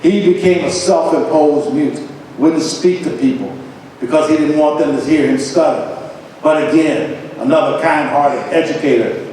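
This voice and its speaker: A man gives a motivational lecture with a dramatic preaching cadence, his voice pitched high. He is recorded from far off in a large hall, so long reverb trails each phrase. A faint hum sits underneath. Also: normal speed, darkish tone. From Columbus, Ohio. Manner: emphatic, dramatic preaching cadence with chanted refrains. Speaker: motivational speaker.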